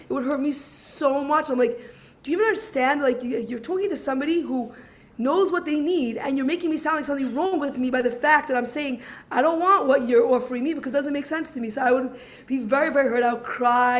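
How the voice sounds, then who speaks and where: High-voiced woman telling an emotional story. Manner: emotional, animated storytelling, acts out quoted dialogue. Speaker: guest speaker sharing her story. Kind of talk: personal testimony on a video call.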